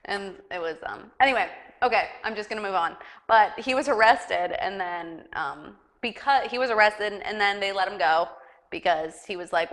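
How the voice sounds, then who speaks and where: A woman's voice: mid-range voice, normal speed, a bit bright. A young woman hosting a casual news chat show, rambling and giggly, with lots of fillers. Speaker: talk show host.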